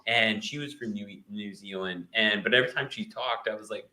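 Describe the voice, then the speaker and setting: A man's voice: lowish voice, fairly even intonation, brisk, few pauses, sharp tone. A man rambling through an anecdote on a podcast, poking fun at himself. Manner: rambling, self-mocking anecdotes. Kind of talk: casual chat.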